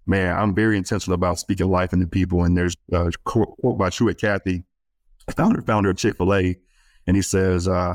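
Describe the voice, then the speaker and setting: A man with a very low, deep voice tells stories earnestly on a podcast, with some ums and restarts along the way. The recording is dry and close, with no room sound. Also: no room sound. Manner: earnest storyteller, many fillers and restarts. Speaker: guest speaker and author working with student athletes. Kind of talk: conversational podcast interview.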